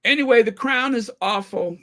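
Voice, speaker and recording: A man hosting a casual commentary channel, animated and opinionated, reacting to viewer comments. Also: very high voice, moderate pace. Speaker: channel host.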